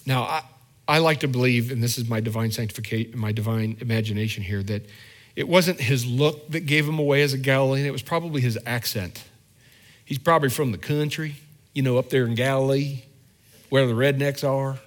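A man's voice: mid-range voice, brisk. A male pastor giving a conversational sermon, often restarting and repeating words as he thinks aloud.

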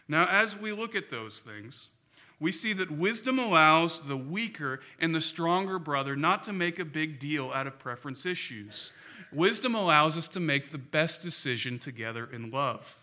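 Man preaching in church, very bright tone, slightly high voice, earnest and emphatic, rhetorical questions. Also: expressive, normal speed. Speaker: pastor. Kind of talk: sermon.

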